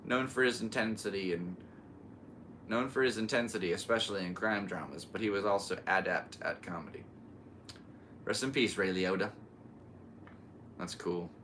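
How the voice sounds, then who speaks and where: A man's voice: lowish voice, moderate pace, long pauses, fairly bright tone, a little hiss or hum. A man who is a comedian, hosting his podcast in a casual solo chat, rambling and laughing as he talks. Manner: rambling, laughs often, restarts a lot.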